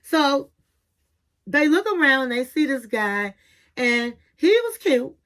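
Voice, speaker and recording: A woman with a slightly high voice gives a casual reality-show recap. She tells the story with sass and lively drama, dropping a "honey" or a "girl" as she goes. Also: takes it slowly. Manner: sassy, animated storytelling, calls viewers honey and girl. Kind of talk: casual chatty episode recap.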